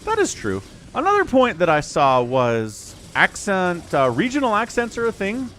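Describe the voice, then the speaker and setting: A man's voice: high-pitched, huge pitch swings, normal speed, fairly bright tone, slight background noise. An American man giving casual, joking livestream commentary on a strategy game and chatting with viewers. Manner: chatty, joking, reads chat aloud.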